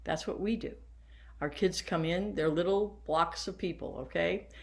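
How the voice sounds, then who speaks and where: A woman's voice: fairly low pitch, moderate pace, gravelly. A woman in her seventies, a band teacher, sitting down and talking teachers through posture and breathing exercises step by step. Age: 70s. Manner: warm, hands-on, guiding listeners through exercises. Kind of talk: workshop lesson for teachers. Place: seated.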